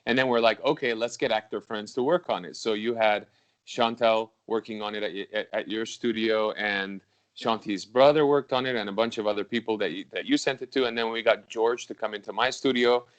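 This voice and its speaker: A man hosting a casual chat, a musician, reminiscing in a relaxed, loose and profane way. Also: on the low side, a little fast. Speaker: musician and host. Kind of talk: casual conversation.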